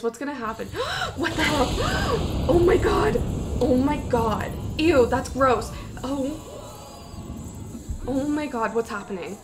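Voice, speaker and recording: A young woman giving excitable, panicky gameplay commentary, full of gasps and exclamations. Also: a little high. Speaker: gaming YouTuber.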